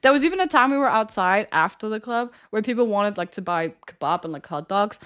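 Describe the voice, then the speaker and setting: A woman's voice: medium pitch, animated, a little fast, fairly bright tone, clean tone. A young woman streamer telling a story in casual chat, rambling and laughing often. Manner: rambling, chatty, with frequent laughter and "like" fillers.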